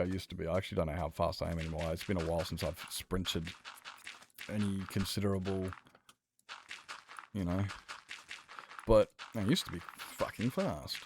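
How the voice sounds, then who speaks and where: Young man, low voice, casual gaming chat, swears a lot, faint clicking behind. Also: a little hiss or hum. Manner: rambling, profane storytelling. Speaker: streamer.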